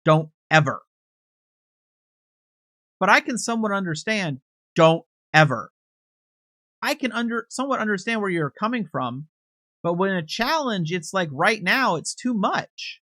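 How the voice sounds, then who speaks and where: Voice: medium pitch, lively intonation, moderate pace, pushed and bright, no room sound, clean studio sound. A commentator casually recapping video footage in a conversational, hedging way, with frequent restarts and unsure asides.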